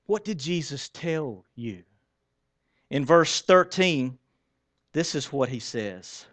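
A pastor delivers a sermon, talking to the congregation in a conversational, animated way. He jokes at his own expense between scripture readings. His voice sits a little higher than most men's. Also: slow. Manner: conversational, animated preaching with self-deprecating asides. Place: church sanctuary.

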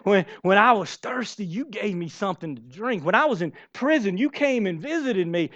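A man's voice: high voice, animated, normal speed, fairly bright tone. A man preaching a sermon, emphatic and storytelling, repeating phrases for effect. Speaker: pastor. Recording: dull lo-fi sermon recording.

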